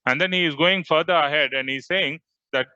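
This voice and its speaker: A man's voice: on the high side, brisk, pushed and bright, dry recording. A man giving a scriptural lecture, explaining at length and often adding "you know". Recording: dry, slightly muffled recording.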